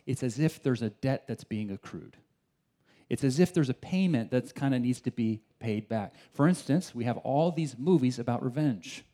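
A man delivers a sermon in a relaxed, chatty way, firing off rhetorical questions and restarting his sentences. His voice sits in a middle register with a mellow, warm tone. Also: medium pitch. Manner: conversational, animated preaching with restarts and rhetorical questions. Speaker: pastor.

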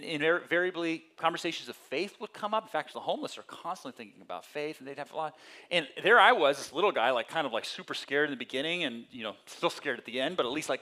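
A male pastor giving a conversational sermon, telling personal stories and acting out voices with lively energy. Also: on the high side. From California. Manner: conversational storytelling with animated quoted voices.

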